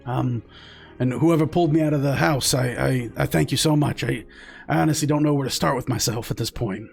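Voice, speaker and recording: A man's voice: mid-range voice, brisk, creaky, soft background music, close to an everyday voice. A man voicing a folksy rural farmer who stammers and speaks in a plain country drawl. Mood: grateful. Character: folksy rural male farmer, shaken but grateful.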